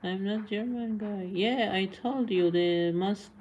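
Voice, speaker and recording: A woman's voice: mid-range voice, slow pace, darkish tone, dull audio, slight background noise. A woman live streamer chatting casually with viewers, blunt and scolding, answering comments and switching between languages.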